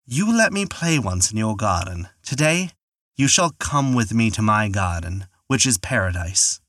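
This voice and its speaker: A serene, mysterious little boy from a storybook speaks calmly and plainly, read by a man. The voice is bright and lively. It sits close and dry. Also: fairly low pitch, a little slow, no echo.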